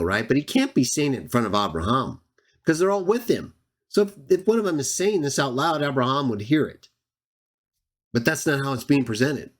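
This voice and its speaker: A man hosting a Bible channel, giving combative verse-by-verse scripture commentary, sarcastic and speaking straight at his opponents, stretching out the verses he reads for emphasis. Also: medium pitch. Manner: drawn-out emphatic reading of verses. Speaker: Bible teacher and channel host.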